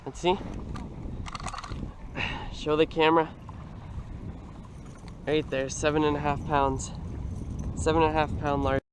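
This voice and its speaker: Young man, outdoor kayak fishing vlog, slightly high voice, slow delivery, excitable and exclamatory, camera on the boat. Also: slight background noise. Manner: excitable, exclaiming, swings between hushed murmurs and shouts. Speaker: fishing vlogger. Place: on a kayak on open water outdoors.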